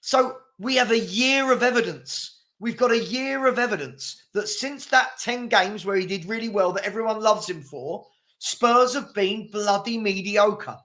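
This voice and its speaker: A man hosting a heated football debate, forceful and insistent, talking over his guest. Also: high-pitched, normal speed, few pauses. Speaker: host.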